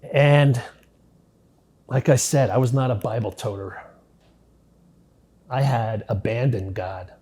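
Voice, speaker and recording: A man's voice: mid-range voice, slow, long pauses. Man recounting his past, candid and blunt. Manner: candid, drops to near-quiet at grim moments, swears casually. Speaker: interview guest. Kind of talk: telling his life story in an interview.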